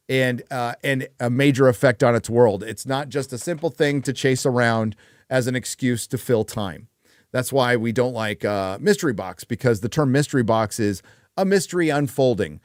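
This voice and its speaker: A male livestream host talks in a blunt, profane rant, peppered with "uh" fillers. His voice sits at a middle pitch and is recorded dry and close. He keeps a loose, casual chat going. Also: dry recording. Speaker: livestream host reading viewer donations.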